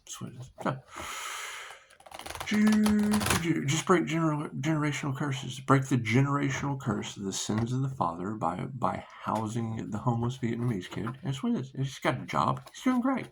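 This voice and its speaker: A man hosting a rambling spiritual monologue, repeating himself, laughing often and dropping into soft asides. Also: mid-range voice, big pitch swings, normal speed, gravelly, slight background noise. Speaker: spiritual video host.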